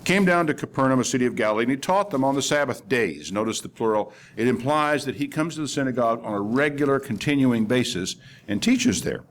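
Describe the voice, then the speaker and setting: A man's voice: mid-range voice, lively intonation, fast talker. An older man preaching a sermon, telling a scripture story in a conversational way and acting out the quoted voices with animation.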